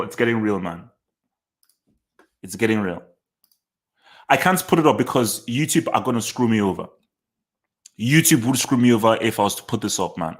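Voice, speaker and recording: A man hosting a football channel, giving live reaction commentary in a casual way, repeating short phrases and restarting his sentences. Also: mid-range voice. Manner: thinks aloud and restarts sentences.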